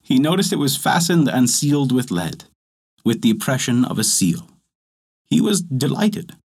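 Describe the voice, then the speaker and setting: A man narrating a folk tale with an expressive storytelling cadence. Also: mid-range voice, moderate pace, creaky, husky.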